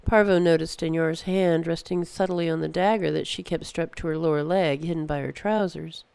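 A narrator reading a story in a steady, measured way. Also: mid-range voice, gravelly, clear, resonant tone, no room sound. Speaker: audiobook narrator.

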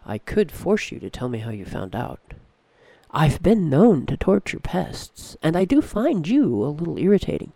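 A narrator voicing a scowling, bragging, middle-aged male pest controller who speaks low and dry. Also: very animated, normal speed, mellow, no echo. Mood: wry. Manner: dry, wry, low-voiced.

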